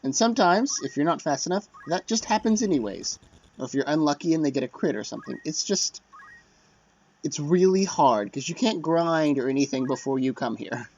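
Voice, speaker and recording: A man's voice: a little high, expressive, fairly quick. A man casually commenting on a strategy game as he plays, chatty and self-deprecating, often muttering under his breath. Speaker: let's play commentator. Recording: dull lo-fi dry mic.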